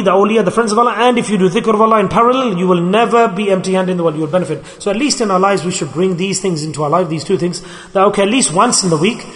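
A man preaching a sermon in an emphatic, repetitive way. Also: high-pitched. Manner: emphatic, repetitive, acts out pleading voices. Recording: hall reverb.

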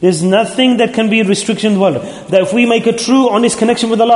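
A Sufi religious teacher who leads dhikr gatherings preaches at a mosque, his sermon echoing through a roomy hall. He has a high, darkish voice with fairly even intonation, and he talks fast, barely pausing, in an earnest, pleading, repetitive way.

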